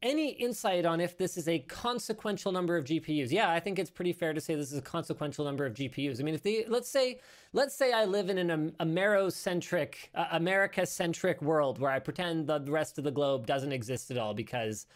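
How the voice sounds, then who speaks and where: A man's voice: fairly high pitch, lively intonation, fairly quick. A male show host talking through tech news in a casual, rambling way, correcting himself and adding joking asides.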